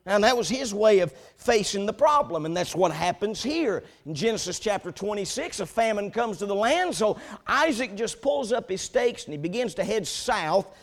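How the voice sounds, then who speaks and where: A man preaching a sermon, telling a story with animated build-ups before turning to the scripture text. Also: sits high, normal speed, few pauses. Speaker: pastor.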